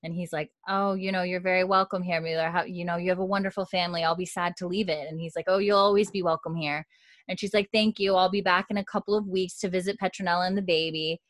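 A young woman casually recapping a TV episode, laughing often and slipping into quick voices for the characters. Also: fairly low pitch, dry recording. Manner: animated, laughing, acts out characters' lines in quick put-on voices. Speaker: podcast host recapping a TV episode. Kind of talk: casual chat.

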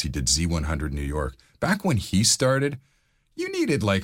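A middle-aged man, a former radio DJ and voiceover artist, telling stories in a casual interview with lively acted-out quotes. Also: no echo, clean studio sound. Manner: animated anecdotes, acts out quotes with big pitch jumps.

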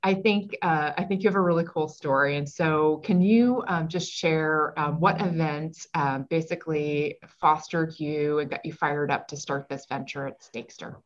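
A woman's voice: sits low, moderate pace, hardly any pauses. A woman interviewing a guest, asking her questions hesitantly with many ums. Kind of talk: casual interview chat. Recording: dull lo-fi sound.

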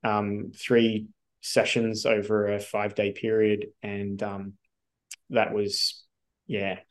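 An Australian man telling his story as a podcast guest, animated and casual, with lots of swearing and fillers. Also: fairly low pitch, slow.

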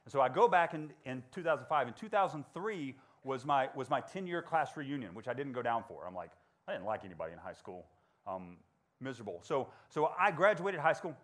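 Male speaker, 40s, school talk, animated and conversational, acts out voices. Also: medium pitch, fairly quick. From Georgia. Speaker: motivational speaker. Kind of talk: storytelling talk to students.

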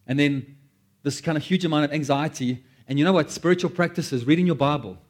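A man preaching a sermon, animated, acting out quoted prayers and joking at his own expense. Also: fairly high pitch, brisk. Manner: animated, acts out quoted prayers, self-deprecating asides. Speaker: pastor.

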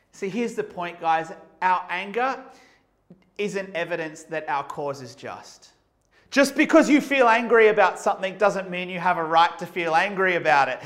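A man preaching a sermon, moving between quiet reflective questions and loud, emphatic passages. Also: high-pitched, normal speed.

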